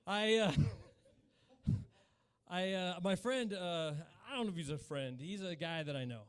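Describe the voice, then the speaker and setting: A man's voice: sits high, unhurried, smooth. A man in his forties from Utah doing live stand-up comedy on a small cafe stage, chatting with the crowd and riffing in a mock-incredulous way. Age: 40s.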